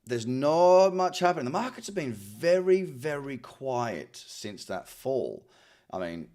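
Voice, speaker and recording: An Australian man hosts a live trading stream, scanning charts and replying to chat in an upbeat way. His mid-range voice is a little mellow, and he often repeats words while answering viewers.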